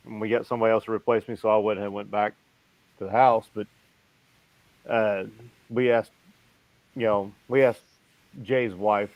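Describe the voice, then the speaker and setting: Biker host, casual and profane storyteller, lo-fi sound. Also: male voice, fairly low pitch, flat delivery, normal speed, pauses often, dry recording. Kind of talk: casual group chat.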